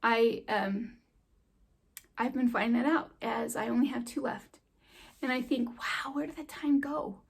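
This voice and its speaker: A woman's voice: a little high, steady tone, measured pace, vocal fry, husky. Chatty, heartfelt woman vlogger. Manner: warm, heartfelt, chatty, laughs easily. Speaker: homeschool vlogger. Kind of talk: encouraging talk to camera.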